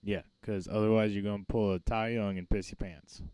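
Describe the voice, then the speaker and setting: A man's voice: on the low side, steady tone, a little fast, darkish tone, smooth. A man co-hosting a comedy podcast, upbeat and slangy, joking around in casual chat. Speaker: podcast co-host.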